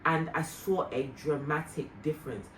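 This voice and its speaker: A woman vlogger and mother telling a heartfelt personal story in an earnest, reflective way, with soft fillers. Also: deep voice, steady tone, moderate pace. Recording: roomy, distant mic, faint noise.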